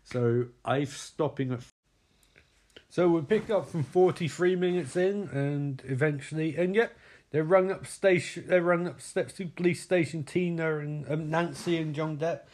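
A man's voice: on the high side, darkish tone. A man recapping a film in a crude, sarcastic comedic manner. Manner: crude, sarcastic, laughing asides.

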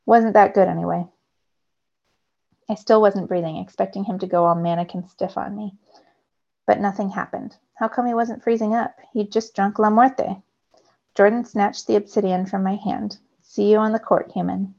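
A teacher reading a novel aloud to her students in a steady first-person storytelling manner. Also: mid-range voice, moderate pace, gravelly. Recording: slightly dull lo-fi recording.

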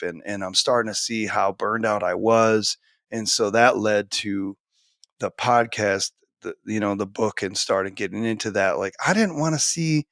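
A man's voice: lowish voice, gravelly, a bit bright, dry recording, clean studio sound. A man in his forties, a teacher and author, talking animatedly as a podcast guest, full of fillers and restarts. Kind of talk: casual conversational interview. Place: home office.

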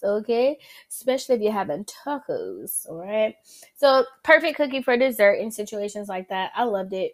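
A woman with a Southern accent hosting a casual solo food-review podcast, chatty and full of "like" and "um," humming as she tastes. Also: on the high side. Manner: chatty, many fillers and likes; animated, savoring with hums. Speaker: podcast host.

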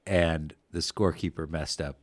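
Podcast co-host, very low voice, dry close mic, rambling storyteller, curses casually. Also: male voice, normal speed, no room sound. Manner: rambling storyteller, swears, animated when recounting yelling. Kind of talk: casual sports podcast chat.

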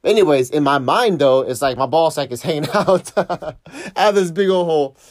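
A man's voice: on the high side, normal speed, no room sound, clean studio sound. Laughing, profane man telling a surf story. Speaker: surf vlogger. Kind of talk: casual storytelling monologue.

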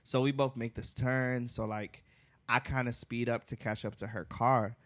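A man's voice: mid-range voice, moderate pace. A young man co-hosting a podcast, telling a story casually and acting out the voices in it. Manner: animated storyteller, acts out quotes. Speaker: podcast co-host.

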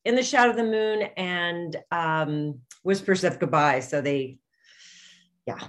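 Low-voiced woman author chatting. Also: unhurried, a crowd in the background. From grew up in London. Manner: chatty, laughs often, trails off with fillers. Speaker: author guest. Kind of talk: casual interview chat.

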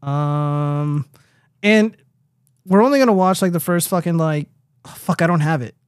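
Young male stream host, high voice, dry close sound, rambling and profane, reads chat aloud. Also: moderate pace, clear, resonant tone, no room sound. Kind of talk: casual livestream chat.

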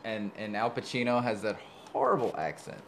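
A man's voice: lowish voice, animated, fairly quick, a little hiss or hum. A man co-hosting a podcast in casual chat, often laughing and reading movie blurbs aloud. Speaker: podcast co-host.

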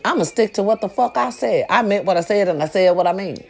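A woman delivering a comedic rant to her viewers, loud and profane, hollering with big swings in her voice. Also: mid-range voice, quick pace, vocal fry, breathy edge, soft background music.

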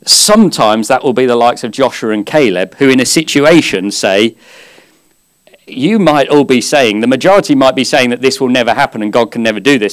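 Man, preacher at a church service, mid pitch, earnest and chatty sermon with light humor. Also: brisk. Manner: earnest, conversational, with gentle humor.

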